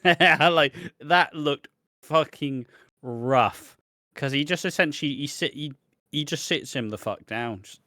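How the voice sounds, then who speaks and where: A man's voice: medium pitch, takes it slowly, bright, forceful tone, no echo, clean studio sound. A man co-hosting a podcast, reviewing wrestling in casual, sweary chat that rambles and breaks into laughs. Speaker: podcast co-host.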